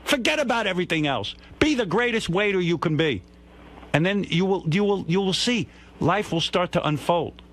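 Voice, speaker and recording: A man's voice: high voice, lively intonation, moderate pace, fairly bright tone, slight background noise. An older man, hosting a radio show and lecturing a caller bluntly. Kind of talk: on-air advice to a caller.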